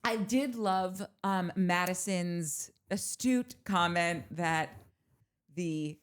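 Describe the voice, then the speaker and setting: A woman's voice: fairly low pitch, drawn-out words, smooth. A woman co-hosting a podcast, chatting casually and joking, often breaking into laughter. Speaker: podcast co-host. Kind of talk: casual recap chat.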